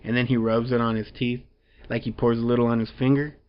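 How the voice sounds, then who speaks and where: A man's voice: medium pitch, flat delivery, fast talker, clear, resonant tone. Rambling, chuckling man on lo-fi audio. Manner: rambling, chuckling plot retelling with filler words. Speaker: comic book reviewer. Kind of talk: casual review chat.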